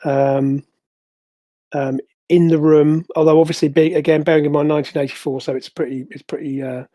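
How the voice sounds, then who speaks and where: Halting, higher-voiced male game master. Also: flat delivery, dark tone, dry recording. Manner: halting, full of fillers and restarts. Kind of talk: narrating a tabletop game.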